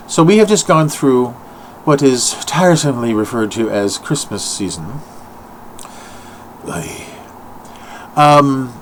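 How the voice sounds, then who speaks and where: A man's voice: medium pitch, poor audio. An older man talks through an improvised comic bit at home, wandering off on tangents and poking fun at himself. His voice swoops up and down with great animation. A faint background hiss sits under the recording. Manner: rambling, tangent-prone, self-mocking, with sudden sung and mock-voiced asides. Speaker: solo comedic vlogger.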